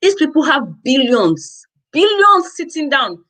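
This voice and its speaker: A Nigerian woman vlogs to her viewers in an exasperated, exclamatory rant, repeating herself a lot as she offers casual commentary. Her high voice is sing-song, measured in pace, and pushed and bright, on poor audio.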